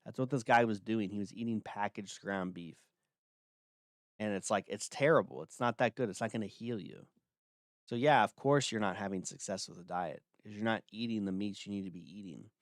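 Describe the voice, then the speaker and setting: A man's voice: fairly low pitch, a little fast, no room sound, studio quality. A man hosting a livestream, talking casually in a blunt, dismissive way with lots of filler words. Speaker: livestream host.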